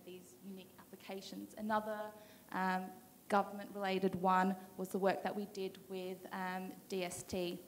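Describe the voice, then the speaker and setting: A woman from Australia speaking on a conference panel, steady and even, with many ums. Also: mid-range voice. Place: conference hall. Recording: hall reverb, faint noise.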